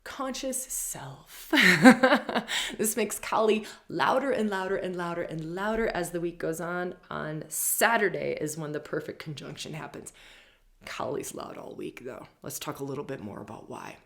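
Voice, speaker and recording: A woman's voice: deep voice, normal speed, vocal fry, a bit bright. A woman hosting an astrology forecast, talking emphatically and repeating key phrases. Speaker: astrology show host. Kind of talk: spiritual astrology forecast talk.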